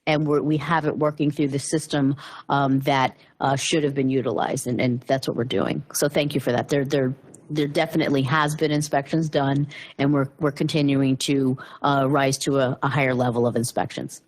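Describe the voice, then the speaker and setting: A woman with a notably low voice speaks as a borough official at a council meeting. She answers questions formally and reassuringly. She often restarts her sentences as she goes. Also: flat delivery, normal speed.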